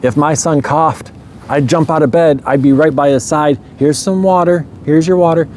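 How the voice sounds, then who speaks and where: A man's voice: a little high, steady tone, moderate pace, darkish tone, a little hiss or hum. A young man candidly telling his own life story in a casual, reflective way, often adding "you know" and small nervous laughs. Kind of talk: casual spoken memoir.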